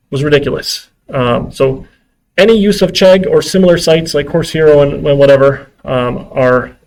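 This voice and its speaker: A man's voice: mid-range voice, gravelly, poor audio. A man giving a casual classroom lecture as a university instructor, chatty, with exasperated asides and frequent fillers.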